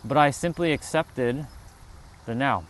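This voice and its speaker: Casting: a man streaming outdoors, casual and profane spiritual storyteller, mid-pitched voice. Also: a little slow, slight background noise. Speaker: livestream host. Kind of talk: spiritual talk to a live chat. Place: outdoors, sitting on a rock.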